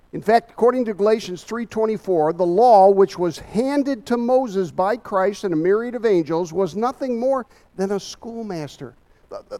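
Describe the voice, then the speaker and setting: A man's voice: high-pitched, a little mellow. A man giving a Bible study sermon, emphatic and a little out of breath, often asking his listeners rhetorical questions.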